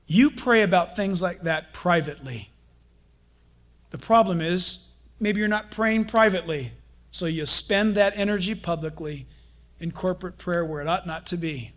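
A man preaching a sermon as pastor, animated, acting out the voices of the people he quotes. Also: high-pitched.

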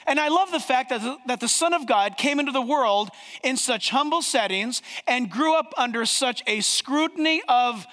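A man preaching a sermon as a pastor, emphatic, with dramatic pauses. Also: extremely high pitch, lively intonation, bright, forceful tone, in a large hall.

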